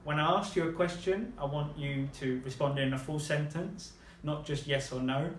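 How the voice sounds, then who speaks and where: A man's voice: on the high side, moderate pace, roomy sound, slight background noise. A man teaching a beginner language lesson, patiently modeling words and praising his student.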